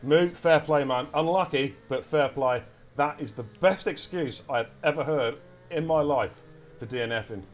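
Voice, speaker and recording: A man giving live commentary on an online racing league, excitable and chatty, talking straight to his viewers. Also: on the high side, moderate pace, slight background noise. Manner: excitable, chatty, addresses chat directly. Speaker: race commentator and streamer. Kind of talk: live esports race commentary.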